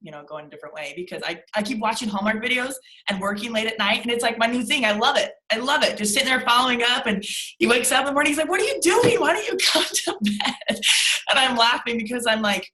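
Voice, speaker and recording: A woman's voice: fairly high pitch, fast, pushed and bright, echoey room, poor audio. A young adult woman leading a motivational team call on a video call, speaking emphatically and repeating lines for stress. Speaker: team leader.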